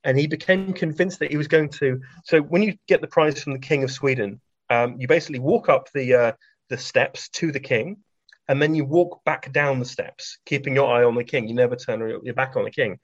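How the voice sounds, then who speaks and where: A man spins anecdotes in loose, chatty conversation, full of ums and self-corrections. His voice sits at an ordinary pitch. The recording is dry and a little dull, like lo-fi audio. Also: brisk, dry recording. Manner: chatty, with many ums and restarts, laughing at his own stories. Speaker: science author and guest.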